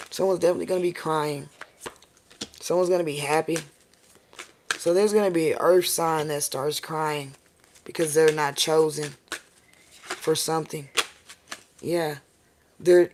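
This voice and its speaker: Brief: casual, profane tarot reader on a live stream, mid-pitched, rambling, faint background noise. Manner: keeps asking viewers "okay?" and "all right?".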